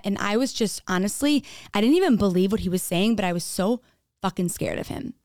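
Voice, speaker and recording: A woman's voice: mid-range voice, expressive, fairly quick, a little mellow, no echo, studio quality. A woman telling her own story on a podcast, frank and casual, swearing freely and saying "like" often. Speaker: podcast speaker. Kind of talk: candid personal storytelling.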